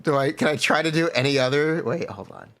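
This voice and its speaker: A man's voice: on the high side, animated, a little fast, fairly bright tone. A man streaming live, chatting casually and joking, laughing often.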